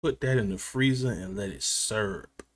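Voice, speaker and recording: A man's voice: lowish voice, normal speed. A man live-streaming from his gaming chair at home, chatting casually with viewers, joking and laughing often.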